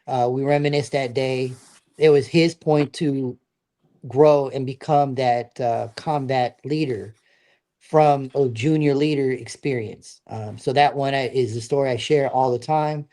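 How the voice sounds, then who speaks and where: A man's voice: medium pitch, fairly even intonation, unhurried, dark tone. A middle-aged man, a veteran guest, telling his stories in a casual, earnest, plain-spoken way. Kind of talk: casual storytelling.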